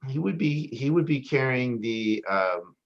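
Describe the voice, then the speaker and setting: Excitable rambling man, lo-fi audio. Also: mid-range voice, unhurried, gravelly, slight background noise. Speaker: player. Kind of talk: playing a tabletop game online.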